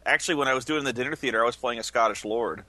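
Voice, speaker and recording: A man's voice: medium pitch, rapid-fire, sharp tone, no room sound. A man in casual chat, enthusiastically telling stories. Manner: enthusiastic storyteller.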